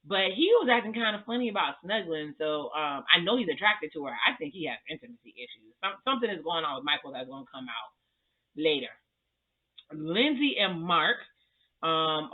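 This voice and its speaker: Sassy man recapping TV, tinny sound. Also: on the high side. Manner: sassy, chatty, slangy. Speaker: TV recap vlogger. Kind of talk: casual reality TV recap.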